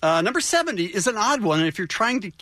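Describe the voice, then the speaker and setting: A man's voice: sits high, sing-song, fast talker, bright, forceful tone. A man hosting a radio morning show, reading items aloud in casual banter with incredulous mock outrage. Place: radio studio.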